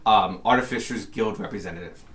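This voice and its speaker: A man's voice: fairly low pitch, a little fast, fairly bright tone. A man narrating a tabletop game as game master, rambling with lots of fillers.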